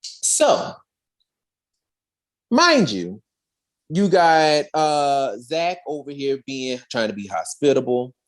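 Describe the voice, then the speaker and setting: A podcast co-host recapping an episode in a casual, animated way, full of slang and acted-out quotes. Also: medium pitch, slow, long pauses.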